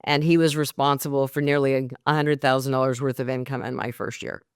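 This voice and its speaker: A middle-aged woman, a mortgage coach, telling a candid, lively story as a podcast guest. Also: extremely low pitch, brisk, clear, resonant tone, no echo, clean studio sound.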